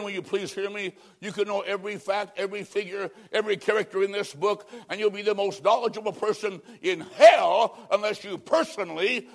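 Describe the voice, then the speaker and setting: This evangelistic sermon comes from a male preacher whose voice sits high. He swings from booming, emphatic statements to quiet, nearly whispered closes.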